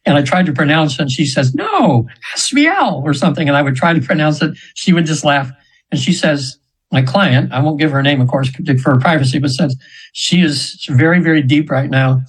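A man's voice: on the high side, steady tone, brisk, slightly rough, low-quality recording. A man in his seventies, a guest on a show, telling long stories in a rambling way with many fillers and restarts. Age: 70s. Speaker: guest, trance session practitioner. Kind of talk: casual storytelling in an interview.

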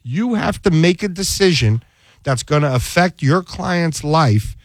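A man's voice: fairly high pitch, a little slow, no room sound. Man telling a courtroom story. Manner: animated storyteller, acts out quoted dialogue. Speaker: defense attorney guest. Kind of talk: casual storytelling chat.

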